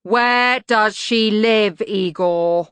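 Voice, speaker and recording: A woman voicing a brisk, determined young woman who speaks tersely and firmly. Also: mid-range voice, sing-song, no room sound. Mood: urgent.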